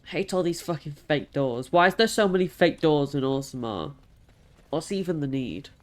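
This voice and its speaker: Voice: mid-range voice, normal speed. A streamer talking through a game, chatty and exasperated, swearing and laughing at it. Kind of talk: live game stream commentary.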